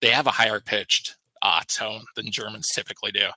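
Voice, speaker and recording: A man co-hosting a podcast, chatting casually and telling stories, quick to laugh. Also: on the low side, fairly even intonation, pushed and bright, no echo, low-quality recording. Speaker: podcast co-host. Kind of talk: casual chat.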